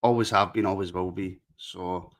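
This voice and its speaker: A man's voice: sits low, steady tone, moderate pace. A Scottish man with a Glaswegian accent, hosting a casual football podcast and teasing his co-host, often repeating his words as he talks. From Scotland.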